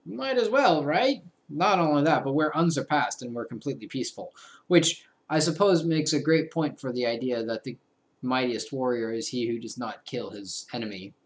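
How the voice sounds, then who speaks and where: A man's voice: mid-range voice, moderate pace. A young man hosting a let's play, giving casual, playful commentary that trails off into mumbled asides.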